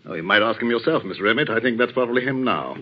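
A man's voice: mid-range voice, expressive, rapid-fire, natural voice. An actor playing a worried, fatherly older village vicar in a 1940s radio drama. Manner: anxious, earnest, fatherly. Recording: dull old radio recording with faint hiss.

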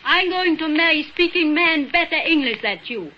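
A woman's voice: high voice, expressive, moderate pace. An actress playing a coy young immigrant woman who speaks broken English, in 1940s radio acting. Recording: muffled old radio recording, faint hiss.

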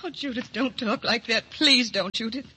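An actress in a vintage radio play voicing a worried female friend who speaks quickly and pleadingly. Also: on the high side, bright, forceful tone, husky, full character voice. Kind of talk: 1940s radio acting.

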